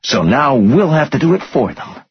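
A man's voice: medium pitch, big pitch swings, normal speed, husky, pitched above the performer's own voice, full character voice. A man voicing a hard, menacing tough man who speaks bluntly and coldly. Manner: cold, blunt, threatening. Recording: muffled lo-fi audio.

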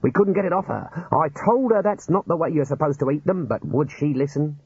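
A man voicing a gloomy, nervous old wizard scholar who talks deadpan and stammers through lists. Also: a little high, fairly quick, husky, no echo, voice pushed up. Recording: dull lo-fi recording.

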